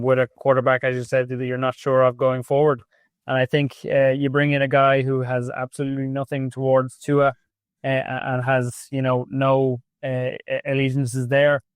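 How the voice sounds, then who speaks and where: A man co-hosting a sports podcast, analysing in a halting way with many restarts. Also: mid-range voice, clean tone, dry recording, studio quality. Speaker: podcast co-host.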